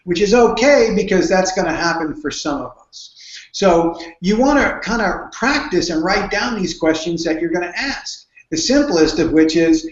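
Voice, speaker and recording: A man's voice: sits high, animated, normal speed. A man answering interview questions about prospecting, telling earnest stories and often restarting his sentences. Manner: storytelling, earnest, with frequent restarts. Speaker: guest speaker on network marketing. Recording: dull, roomy sound.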